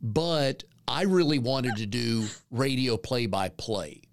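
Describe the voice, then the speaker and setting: A man's voice: medium pitch, lively intonation, slow pace, creaky, dry recording, studio quality. A man from North Carolina hosting a casual interview, chatty and self-deprecating as he tells stories. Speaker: podcast host.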